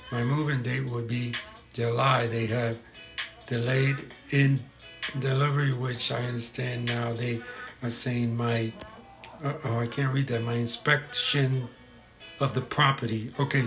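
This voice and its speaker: A man's voice: medium pitch, a bit bright. A man with an American accent hosts a live stream in a loose, rambling way. He chats casually and trips over unfamiliar words. Faint music plays underneath. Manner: rambling, chatty, stumbles over pronunciations. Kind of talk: casual live-stream chat reading comments.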